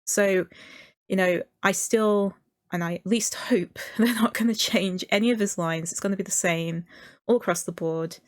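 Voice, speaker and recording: A woman's voice: medium pitch, moderate pace, dry recording, clean studio sound. A woman streamer chatting casually and enthusiastically about a movie trailer, with many fillers and little laughs. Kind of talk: casual commentary.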